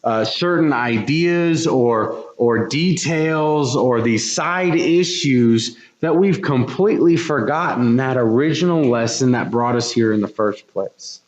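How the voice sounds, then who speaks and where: A man's voice: mid-range voice, slow pace, few pauses. A man preaching a sermon in a church, earnest and repeating his words as he builds intensity. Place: church sanctuary. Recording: echoey, dull church recording.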